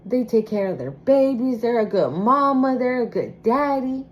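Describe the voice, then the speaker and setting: A woman's voice: a little high, expressive, normal speed, hardly any pauses, highs cut off. A woman giving a casual spoken tarot reading, talking bluntly and emphatically with plenty of swearing. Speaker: tarot reader.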